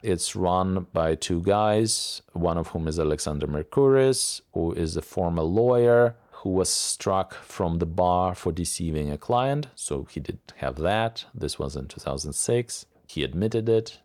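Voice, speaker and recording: A middle-aged man giving an unscripted, opinionated commentary on media sources, talking deliberately and sometimes repeating words as he goes. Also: deep voice, a little mellow, no echo, studio quality.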